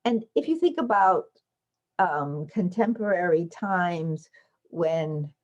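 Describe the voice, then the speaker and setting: A woman giving an online academic lecture with slides, explaining patiently and lifting into lively children's voices when she quotes them. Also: fairly low pitch, slow, muffled recording. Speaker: invited lecturer.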